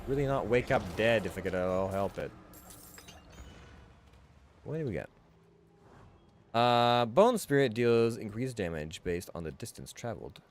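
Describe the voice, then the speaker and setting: A man's voice: fairly low pitch, expressive, measured pace, long pauses, a little hiss or hum. A man streaming a hardcore game run, rambling casually with fillers and restarts as he thinks aloud. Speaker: gaming streamer. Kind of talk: casual gameplay commentary.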